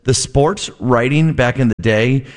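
A man's voice: mid-range voice, unhurried. A man filling in as a radio host, chatting casually and prompting his guest. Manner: friendly, conversational, prompting the guest.

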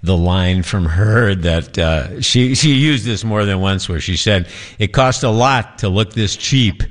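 Guy hosting morning news, really low voice, chatty w lots of uhs. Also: measured pace. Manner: chatty, with frequent fillers. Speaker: news anchor.

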